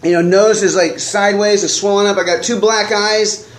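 A man's voice: high-pitched, steady tone, normal speed. A man telling a long personal story in a casual, rambling way, full of fillers and laughs. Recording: roomy echo, faint noise.

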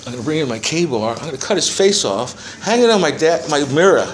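A man's voice: a little high, big pitch swings, a little fast, poor audio. A man in his seventies giving a personal testimony to a recovery meeting, rambling through his story with profanity and self-mocking humor. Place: meeting room with a small audience.

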